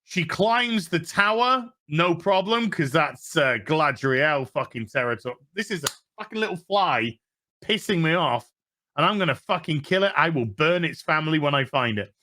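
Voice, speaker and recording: A man's voice: on the high side, expressive, normal speed, bright, forceful tone. A man with a Yorkshire accent hosting a TV review, recapping an episode in a sarcastic, profane rant and putting on mocking voices for the characters. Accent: Yorkshire English. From England. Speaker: TV review host.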